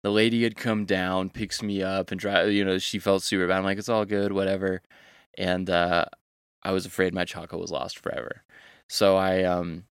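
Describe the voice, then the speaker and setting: A man's voice: sits low, level tone, normal speed, clear, resonant tone, no room sound, clean studio sound. A young man working as a fishing guide, telling a casual, rambling story on a podcast with lots of slang.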